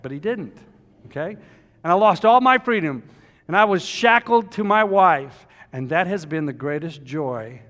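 An older man preaching a sermon, storytelling and emphatic, rising loud then dropping soft, in a church. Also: medium pitch. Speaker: pastor. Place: church sanctuary. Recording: long hall reverb.

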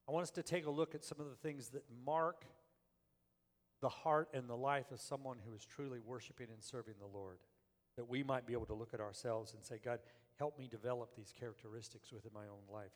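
A middle-aged man preaching a sermon as pastor, swinging from quiet, drawn-out phrases to loud, animated stretches. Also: mid-range voice, long reverb tail.

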